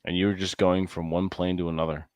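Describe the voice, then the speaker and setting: A man co-hosting a casual podcast, talking with halting restarts and repeated words. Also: sits low, level tone, dry recording. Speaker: podcast co-host. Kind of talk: casual chat.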